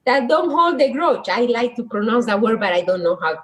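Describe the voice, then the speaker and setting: Guest: middle-aged woman, Dominican Spanish accent, high and very animated voice, storyteller who hunts for words. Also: fairly quick, low-quality recording. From Dominican Republic. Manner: animated, searching for words, laughs easily. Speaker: guest, social worker. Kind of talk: casual conversational storytelling.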